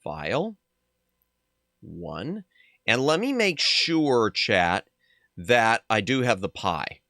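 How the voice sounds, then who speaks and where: With a medium-pitched voice and an unhurried delivery, a sore-throated male VTuber plays a retro game on a casual stream, reading dialogue aloud and chatting animatedly with his audience. The sound is clean studio audio with no echo.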